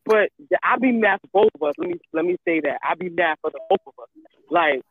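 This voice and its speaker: A woman's voice: mid-range voice, very animated, moderate pace, slightly rough, no echo. A woman in casual chat who talks emphatically, repeats herself, and swears freely. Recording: tinny phone-like line.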